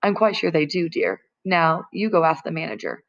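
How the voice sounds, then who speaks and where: A woman's voice: on the low side, normal speed, creaky, muffled recording. A woman voicing a proper, fussy grandmother who primly corrects her grandson, in a storybook reading. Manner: prim and correcting.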